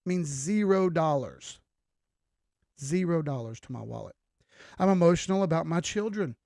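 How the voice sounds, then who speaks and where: A man's voice: on the high side, a little mellow, dry recording, studio quality. A young man hosting a crypto trading livestream, giving an emphatic, preachy, blunt pep talk with casual swearing.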